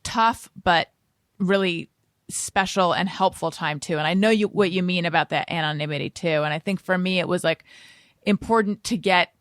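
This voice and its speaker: A woman's voice: on the low side, normal speed, no echo, studio quality. A woman hosting an interview podcast, talking in a reflective, casual way and affirming her guest often. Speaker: podcast host.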